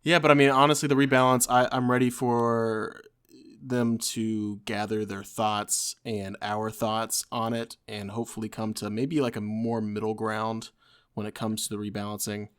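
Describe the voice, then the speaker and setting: A man co-hosting a casual gaming podcast, talking in a relaxed way and giving short agreeing replies. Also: lowish voice, moderate pace, smooth. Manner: relaxed, reads blog text aloud, short agreeing replies. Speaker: podcast co-host.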